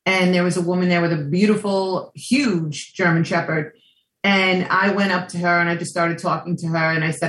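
A woman co-hosting a radio talk show, telling an anecdote in a chatty, relaxed way. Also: lowish voice, normal speed, echoey room, low-quality recording. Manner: storytelling, chatty, laughs easily. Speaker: radio co-host. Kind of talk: casual radio chat.

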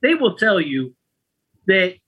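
A husky-voiced man hosting a casual chat, telling a story in a lively, chatty way. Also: high-pitched, takes it slowly. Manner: lively, chatty, often adds "right?" and "man".

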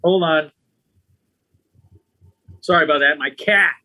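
A husky-voiced man hosting a casual chat, telling a story in a lively, chatty way. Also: fairly high pitch, takes it slowly. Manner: lively, chatty, often adds "right?" and "man".

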